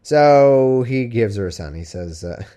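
A man's voice: mid-range voice, animated, measured pace, warm tone. A man hosting a comedy podcast, reading archaic Bible verses aloud and breaking off into sarcastic, irreverent asides. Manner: reads archaic verse then riffs casually. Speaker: podcast host.

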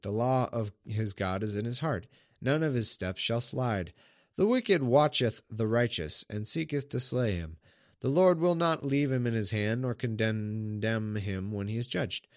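In a dry, studio-quality recording, a man with a medium-pitched voice casually reads ancient scripture aloud, now and then breaking off for irreverent, sarcastic commentary.

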